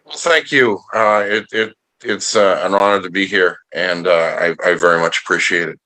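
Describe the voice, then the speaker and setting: Male interview guest, very low voice, bright and forceful, halting with restarts. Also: low-quality recording. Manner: halting, many restarts and fillers. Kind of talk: casual livestream interview.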